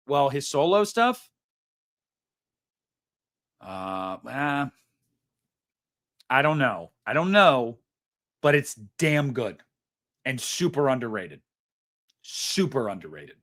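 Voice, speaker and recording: A man in the middle pitch range chats casually as he hosts a live stream, reading viewer messages aloud and reacting to them. His talk rambles along, loose and slangy, with plenty of fillers and restarts. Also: very animated, slow pace, long pauses, a bit bright. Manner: chatty, laid-back, lots of fillers and slang. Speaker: livestream host reading super chats.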